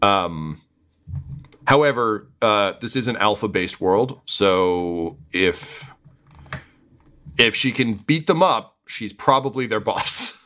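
A man narrating as game master in relaxed, filler-heavy speech. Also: fairly low pitch, takes it slowly.

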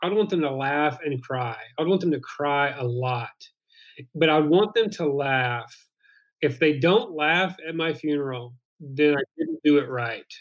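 Brief: male guest author, fairly high voice, wry and deadpan. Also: unhurried. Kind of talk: casual interview chat.

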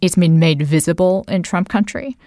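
A woman co-hosting a political discussion, animated and emphatic, her pitch jumping up on key words, with many "like" and "you know" fillers. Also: moderate pace, no room sound, clean studio sound. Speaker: podcast co-host.

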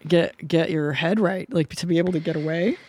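A woman's voice: lowish voice, warm tone. A woman hosting a podcast in a casual, playful chat, teasing her guest and joking freely. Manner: playful, teasing, quick to joke. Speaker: podcast host.

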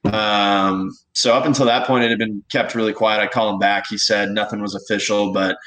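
A young man from Texas, a guest telling stories in a relaxed, casual interview, with many fillers. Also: on the low side, normal speed, low-quality recording. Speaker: guest, baseball pitcher.

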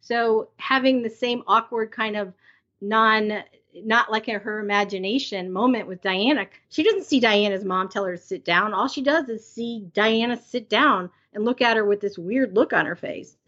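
A woman's voice: medium pitch, normal speed, a bit bright. A middle-aged woman co-hosting a podcast, chatting casually with lots of fillers. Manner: conversational, many fillers. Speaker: podcast co-host. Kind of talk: casual recap chat. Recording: dull lo-fi sound.

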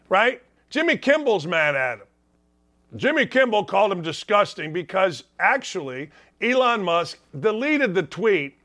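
High-voiced sports radio guy ranting, bright sharp tone, jokey and repeats himself a lot. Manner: animated, wisecracking, rants with emphatic repetition. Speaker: sports talk show host. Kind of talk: opinionated sports talk monologue.

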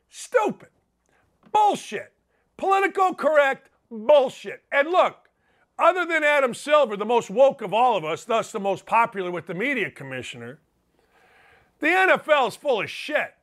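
High, bright-voiced ranting man. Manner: ranting, profane and sarcastic. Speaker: sports talk show host. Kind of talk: opinionated podcast monologue.

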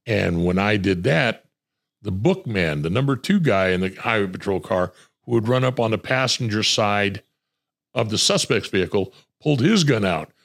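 An older man, a retired homicide detective, tells blunt, profane war stories during a podcast interview, acting out the voices of people he quotes. His lowish voice is gravelly and a bit bright, with lively intonation at a moderate pace.

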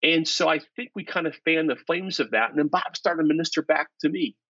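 A man being interviewed as an author, telling a story with lively swings between hushed asides and excited emphasis. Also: a little high, brisk, no echo, muffled recording. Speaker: author and guest. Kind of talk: animated storytelling.

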